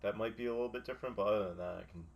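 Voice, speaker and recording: A young American man with a low voice talks casually on a podcast. He is blunt and swears freely, and he teases the others in a dry way. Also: racing, creaky, highs cut off. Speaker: podcast co-host. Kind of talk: casual chat.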